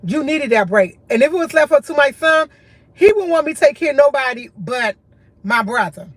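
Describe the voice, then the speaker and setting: This livestream host has a high voice and talks a little fast in a dry recording. Tired, candid and earnest, she repeats short phrases to her viewers; she's an adult in college with a school-age son.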